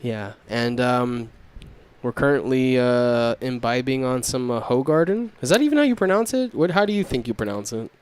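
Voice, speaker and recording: A man's voice: mid-range voice, lively intonation, normal speed, darkish tone, smooth. A young man hosting a casual podcast chat, loose and laughing, swearing freely. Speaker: podcast host.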